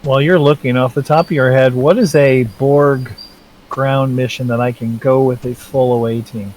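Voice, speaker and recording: A man's voice: mid-range voice, fairly even intonation, normal speed, darkish tone, rough recording. A man chatting on a game stream as a teammate, asking short matter-of-fact questions. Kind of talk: casual gaming chat.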